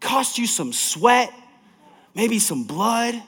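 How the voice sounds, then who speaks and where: Guy pastor preaching, highish voice, loud then quiet, echoey church reverb. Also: very slow, husky. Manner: energetic, emphatic preaching with big swings from loud to soft. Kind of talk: sermon. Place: large church.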